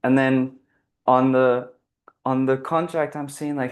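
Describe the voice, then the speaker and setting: A man at an ordinary mid pitch talks through a personal anecdote that he turns into a spiritual lesson. He rambles earnestly, corrects himself often and fills his sentences with "like". The delivery is loose and conversational, not scripted. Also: little pitch movement, moderate pace. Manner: earnest, rambling, self-correcting, heavy use of "like". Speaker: guest speaker on spiritual living. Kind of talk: casual reflective storytelling talk.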